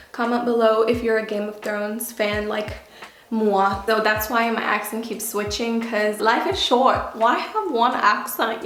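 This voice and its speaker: A woman's voice: on the high side, slight background noise. A woman hosting a casual try-on vlog at home, playful and chatty, sometimes breaking into song. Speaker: YouTuber. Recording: very echoey room, faint music.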